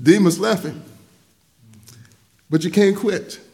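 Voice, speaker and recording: A middle-aged male pastor preaching a sermon, telling stories in a folksy way, laughing between lines and swinging from loud to hushed. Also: high voice, takes it slowly, gravelly, a little hiss or hum. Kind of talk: sermon with storytelling.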